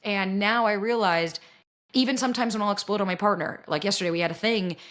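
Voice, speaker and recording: A woman dating coach talking candidly as a podcast guest, blunt and energetic, swearing freely. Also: mid-range voice, fast talker.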